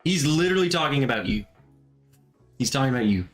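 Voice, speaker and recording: A man's voice: mid-range voice, animated, quick pace, a bit bright, soft background music. A man hosting a casual livestream chat, joking, reading comments aloud and talking over his co-host.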